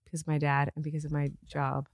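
A woman's voice: deep voice, monotone, fast talker, dry recording, clean studio sound. A woman co-hosting a podcast from bed at home, chatting casually with lots of "like" fillers and frequent laughter. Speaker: podcast co-host. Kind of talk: casual chat.

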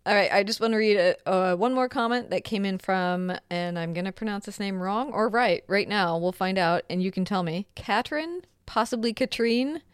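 A woman's voice: medium pitch, brisk, hardly any pauses, clear, resonant tone, dry recording, studio quality. A woman hosting a casual podcast, asking questions and reading listener comments in a friendly, articulate way. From United States. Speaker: podcast host.

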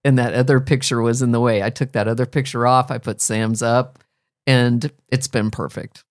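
A middle-aged woman hosting a podcast, chatting casually and telling a story with lively rises in her voice. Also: very deep voice, moderate pace, no echo, studio quality. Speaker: podcast host. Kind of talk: casual chat.

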